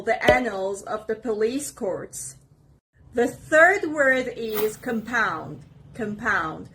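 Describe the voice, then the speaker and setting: A woman's voice: fairly high pitch, fairly bright tone, slight background noise. A woman teaching English vocabulary in a scripted lesson, saying each word twice and spelling out where the stress falls. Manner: slow, deliberate, repeats each word for stress.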